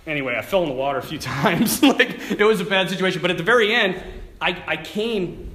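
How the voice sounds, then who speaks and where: A priest giving a talk at a retreat, telling a story in an animated way, often laughing and acting out what people said. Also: male voice, high-pitched, brisk, echoey room.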